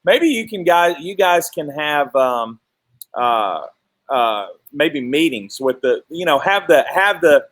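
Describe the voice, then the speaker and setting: A male sports broadcaster hosts a casual live talk show. His voice sits slightly high for a man, and he jokes and teases as he congratulates his guest. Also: big pitch swings, takes it slowly, a bit bright. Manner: jokey, teasing and congratulatory.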